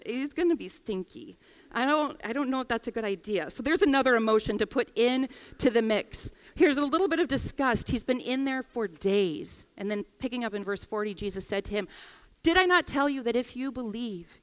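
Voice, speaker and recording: A woman preaching a sermon in a church, expressive, voicing quoted lines with feeling. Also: a little high. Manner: expressive, acts out quoted voices. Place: church hall. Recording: long hall reverb.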